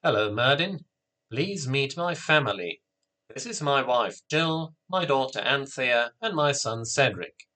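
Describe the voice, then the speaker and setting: A man's voice: medium pitch, animated, a little slow, bright, forceful tone. A man voicing a playful father who teases his family and makes a ceremonious introduction. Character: cheerful middle-aged father with a secret.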